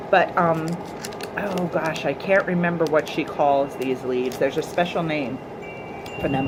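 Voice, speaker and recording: Gushing low-voiced woman vlogger. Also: noisy background. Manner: gushing, enthusiastic, chatty. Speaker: vlogger reviewing jewelry. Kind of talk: casual unboxing chat.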